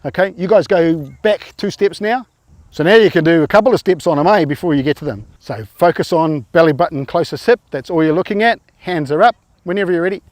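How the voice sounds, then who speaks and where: Guy running tackle drills on a training field, kinda high voice, dry sound, keeps asking the boys how it felt. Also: expressive, fairly quick, darkish tone, no echo. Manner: encouraging, asks players questions, informal. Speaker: rugby coach. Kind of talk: coaching players through tackle drills.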